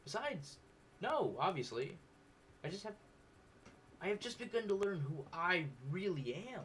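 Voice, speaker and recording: A man's voice: high-pitched, big pitch swings, measured pace, a bit bright, a little hiss or hum, pitched above the performer's own voice, exaggerated voice. A man voicing a mature young woman cook who speaks firmly and with self-assurance.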